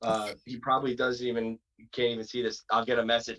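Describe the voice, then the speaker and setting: A man's voice: medium pitch, level tone, fast talker, fairly bright tone, lo-fi sound. A man from Massachusetts, a wrestler, telling a long road-trip story in a rambling, casual way. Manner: rambling, acts out quotes in other voices. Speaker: wrestler guest.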